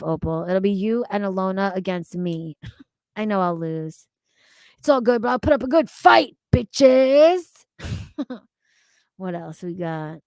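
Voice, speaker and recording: Slow-talking profane woman streamer. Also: mid-range voice, clear, resonant tone, no echo. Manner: loud, profane, laughing often. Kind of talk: casual livestream chat.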